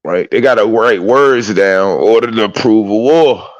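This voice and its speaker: A man chatting casually as a streamer, excitable and profane with loud whoops. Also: on the low side, moderate pace, no room sound, lo-fi sound. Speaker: streamer reacting to clips. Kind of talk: casual reaction chat.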